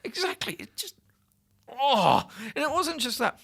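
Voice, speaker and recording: A young Australian man co-hosts a casual radio chat, worked up and indignant as he makes his case. His pitch swings widely from phrase to phrase, and he laughs often between points. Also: expressive, fast talker, pushed and bright. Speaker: student radio co-host.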